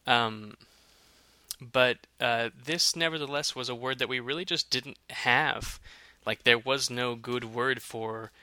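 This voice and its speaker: Male podcast co-host, bright tone, chatty and halting, dry booth sound. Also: mid-range voice, no echo. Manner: chatty, hesitant, many fillers and restarts. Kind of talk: casual chat.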